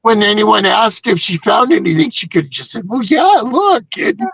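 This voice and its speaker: Gravelly high-voiced older man, dull dry audio. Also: a little fast, a bit bright, dry recording. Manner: rambling storyteller, reads out viewer comments. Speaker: co-host. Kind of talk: casual live-stream chat.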